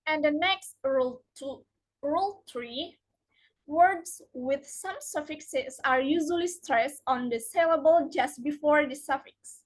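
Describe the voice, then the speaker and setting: Young woman, non-native English, high voice, slow careful lesson reading. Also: rough recording. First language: Indonesian. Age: young adult. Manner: slow, careful, stresses example words. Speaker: student presenter.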